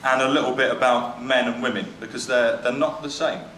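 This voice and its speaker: A man's voice: mid-range voice, steady tone, fairly quick, a bit bright. A man doing stand-up, reading jokes aloud in a dry, hesitant way with ums and trailing asides. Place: comedy venue stage. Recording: echoey room with background noise. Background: audience laughter.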